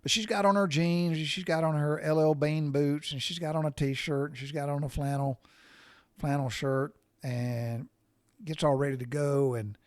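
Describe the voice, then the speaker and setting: A man's voice: on the high side, fairly even intonation, normal speed, no room sound. Man, middle-aged, podcast host, casual storytelling, folksy and salty, dry close sound. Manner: folksy, salty, laughs at himself.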